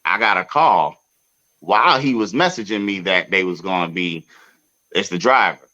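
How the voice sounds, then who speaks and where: A man hosting a podcast, telling a long story in a casual, profane way with sudden loud outbursts. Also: sits low, moderate pace, muffled recording. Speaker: podcast host.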